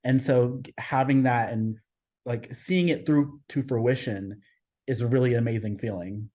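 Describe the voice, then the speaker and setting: A man speaking as a guest in a casual podcast conversation. His voice sits at an ordinary middle pitch. He talks earnestly, pausing and restarting a little as he explains his thoughts. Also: dark tone.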